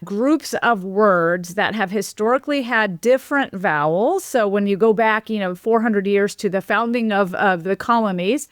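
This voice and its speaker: A woman's voice: medium pitch, moderate pace, few pauses, dry recording. Woman linguist explaining, dry close sound. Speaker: linguist guest. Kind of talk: conversational interview.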